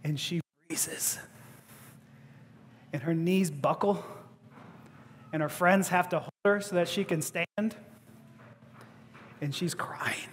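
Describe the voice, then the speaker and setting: A man with a high voice tells a story in a sermon, acting out each person's lines and stumbling into restarts. The sound carries the long reverb of a large hall. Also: slow pace, pauses often, a little hiss or hum. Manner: animated, acting out quotes, stammering restarts. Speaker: preacher.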